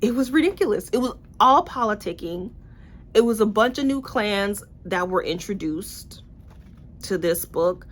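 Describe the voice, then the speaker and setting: A young woman casually reviewing books in a vlog, blunt and animated, with swearing and playful asides. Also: mid-range voice, a little slow. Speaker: book reviewer.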